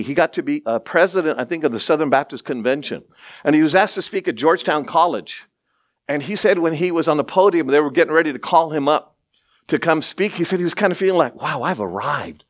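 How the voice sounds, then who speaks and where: A middle-aged man preaching from the pulpit, his voice sitting a little high for a man. He talks to the congregation like friends, tossing out rhetorical questions, then drops to a murmur and climbs into excited, fervent passages. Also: quick pace. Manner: impassioned, swinging from low murmurs to excited raised delivery. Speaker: pastor. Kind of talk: sermon.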